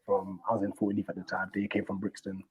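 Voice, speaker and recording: A man telling a long personal story in casual chat, animated and full of slang and fillers. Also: low-pitched, fast, breathy edge, lo-fi sound. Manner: animated, acts out quoted people in a raised voice. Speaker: stream host.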